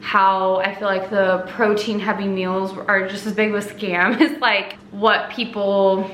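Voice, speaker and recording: A woman's voice: medium pitch, little pitch movement, a little slow, a bit bright, roomy sound, a little hiss or hum. A young woman in her twenties chatting casually at home as a vlogger, talking through her routine with lots of "like" and little laughs. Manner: chatty, says "like" often, laughs between thoughts. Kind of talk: casual vlog chat. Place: at home, indoors.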